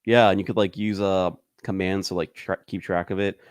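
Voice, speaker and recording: Low-voiced man chatting loosely. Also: fairly even intonation, brisk, smooth, no room sound, clean studio sound. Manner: loose and rambling, heavy on fillers, laughs often. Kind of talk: casual chat.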